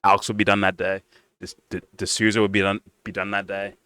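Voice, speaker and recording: Man, low-ish bright voice, dry close sound; rambling profane reaction host. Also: level tone, a little fast, clean tone, dry recording. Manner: rambling, profane, mocking asides. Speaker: stream host. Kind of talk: casual reaction commentary.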